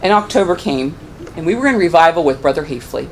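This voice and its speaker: A middle-aged woman gives a heartfelt church testimony in a fairly low voice that climbs when she is moved. She tells her story plainly and earnestly. A faint low rumble sits under the recording. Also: expressive, quick pace, poor audio. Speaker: church member giving testimony.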